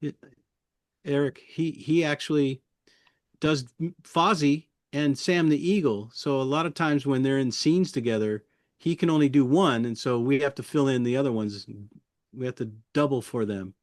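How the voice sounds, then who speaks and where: A man's voice: medium pitch, moderate pace, no echo, studio quality. A man who works as a puppeteer, chatting casually as an interview guest, chuckling often and rambling loosely through his memories.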